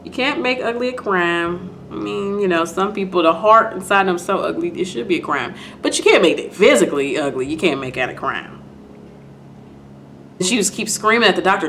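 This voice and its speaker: A woman's voice: fairly low pitch, animated, moderate pace, fairly bright tone, slight background noise. A woman casually recapping and reacting to a TV episode, chatty and repetitive, with lots of "like" and "you know". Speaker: video host.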